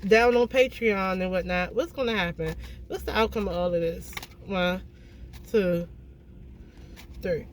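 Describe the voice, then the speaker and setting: A tarot reader giving a casual reading to viewers, blunt and emphatic, swearing freely and often checking in with a quick "okay?". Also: mid-range voice, slight background noise.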